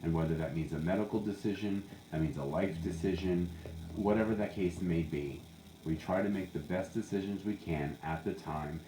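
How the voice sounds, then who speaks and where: A man who works as a psychic medium, talking candidly and jokingly in a casual monologue. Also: normal speed. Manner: candid, joking, animated with sudden high jumps. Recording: echoey room, faint background hum.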